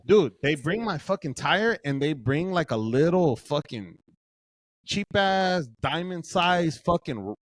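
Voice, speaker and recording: A man's voice: a little high, measured pace, dry recording. A young man from Southern California, a podcast co-host, telling a profane story in casual chat and acting out what everyone said. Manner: profane, animated storytelling, quotes himself.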